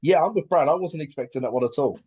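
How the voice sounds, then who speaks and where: A young man co-hosting a podcast in casual chat, halting and repeating words, often laughing. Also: fairly high pitch, breathy edge, muffled recording. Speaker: podcast co-host.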